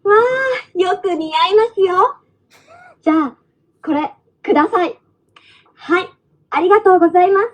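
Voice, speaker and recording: A woman's voice: very high-pitched, fast talker, pauses often. A woman voicing a young female store clerk and shopper in a textbook dialogue clip, formal and polite.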